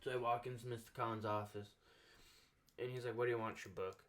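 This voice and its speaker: A man's voice: mid-range voice, little pitch movement, fast, fairly bright tone. A young man hosting a casual podcast, telling a long school anecdote with lots of fillers and acted-out dialogue. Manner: rambling anecdote full of "like" fillers, acting out quoted dialogue. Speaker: podcast host. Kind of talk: casual storytelling chat.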